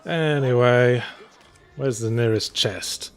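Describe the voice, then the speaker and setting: A man's voice: mid-range voice, takes it slowly, faint music behind. A man casually commenting on a video game he plays, explaining things in a dry, wry way. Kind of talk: casual let's-play chat.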